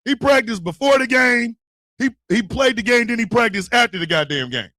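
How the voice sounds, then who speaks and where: Loud, profane, very high-pitched male host. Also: lively intonation, normal speed, no echo, clean studio sound. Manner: loud, profane, often shouting. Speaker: radio show host. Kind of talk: comedic advice chat.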